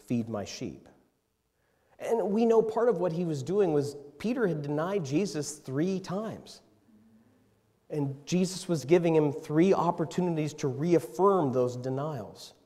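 Man preaching in an echoing hall. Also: a little high. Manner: dynamic, swinging from loud emphasis to hushed tenderness. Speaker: pastor. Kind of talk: sermon. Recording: long reverb in a hall.

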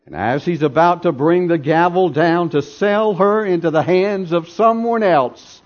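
A man preaching a dramatic sermon, telling a story with swells of intensity and drops to hushed tones, in a dull lo-fi recording. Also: high-pitched, a little slow. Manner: dramatic, swelling then dropping to near whispers.

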